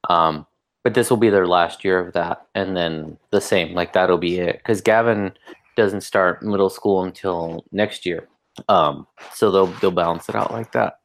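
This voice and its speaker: A man in relaxed podcast chat, talking in a somewhat low voice. He rambles through profane anecdotes, leaning on fillers as he goes. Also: unhurried, creaky. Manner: loose, profane storytelling with many fillers. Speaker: podcast co-host, school principal. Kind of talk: casual chat.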